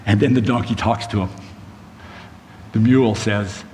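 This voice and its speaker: A man's voice: fairly low pitch, fairly even intonation, unhurried. Man preaching a Bible story in a hall. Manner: conversational storytelling with side notes. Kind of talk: sermon, retelling a Bible story. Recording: long hall reverb, faint room noise.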